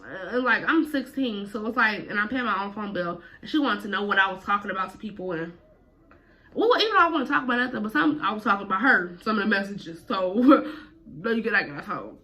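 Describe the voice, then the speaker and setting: A woman's voice: medium pitch, lively intonation, fairly quick, sharp tone. A woman vlogger telling a personal story casually, full of slang and cursing. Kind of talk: storytime vlog.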